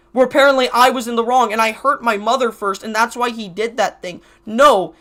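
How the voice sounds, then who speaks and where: A man's voice: extremely high pitch, a bit bright. A crying YouTuber man ranting to camera in an emotional vlog. He stutters, restarts his sentences and swears heavily.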